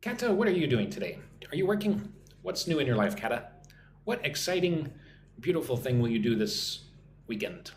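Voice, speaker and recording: A forty-something American English teacher chats easily on a live-stream lesson, voicing viewer comments and answering each. He has a sing-song, medium-pitched delivery at a moderate pace, and the audio has a faint hiss or hum.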